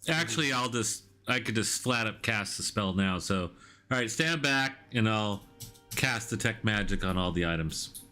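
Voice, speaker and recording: A man playing a tabletop game, his voice a bit low and forceful. He talks in an easygoing way and stalls while he fumbles with his tools. Soft music sits faintly behind him. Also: animated, moderate pace. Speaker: player. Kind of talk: casual tabletop play.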